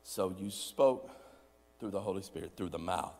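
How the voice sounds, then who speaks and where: A male pastor preaches a sermon in a low-pitched voice at normal speed, urging the congregation to respond. He swings from loud bursts to hushed, almost whispered asides, all carried on a long hall reverb.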